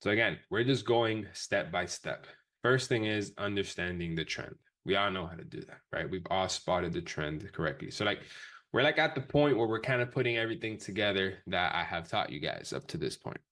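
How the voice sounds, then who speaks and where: A man with a very low voice runs a live trading class. He talks quickly and casually, dropping profanity as he explains each step to his students. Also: expressive, a bit bright. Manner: fast, profane, casual coaching talk. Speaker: trading instructor. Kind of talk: live-streamed trading lesson.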